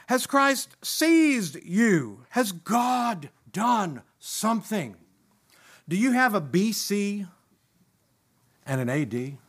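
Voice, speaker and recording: High-voiced impassioned male preacher. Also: fairly bright tone, breathy edge. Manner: impassioned, rising to emphatic peaks and dropping low. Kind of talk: sermon.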